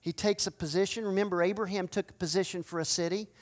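A man's voice: high-pitched, steady tone, fast. Impassioned male pastor preaching. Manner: impassioned preaching, swinging from loud cries to hushed pleading. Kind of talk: sermon.

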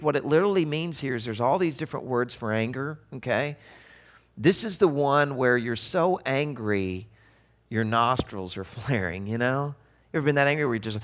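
A man preaching a sermon in a conversational, animated way, asking the audience rhetorical questions. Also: a little high. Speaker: pastor.

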